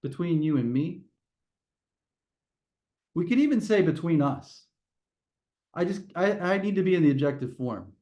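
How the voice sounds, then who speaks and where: A man's voice: a little high, lively intonation, normal speed, pauses often, warm tone. A man teaching a test prep grammar lesson to a class, explaining step by step and often restarting his phrases.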